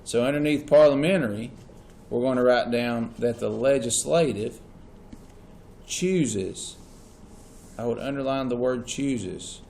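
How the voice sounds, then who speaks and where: A man's voice: medium pitch, measured pace, gravelly, pauses often, a little mellow, a little hiss or hum. A man teaching a classroom lesson. He keeps asking the class questions and repeats the key points. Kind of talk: classroom lecture.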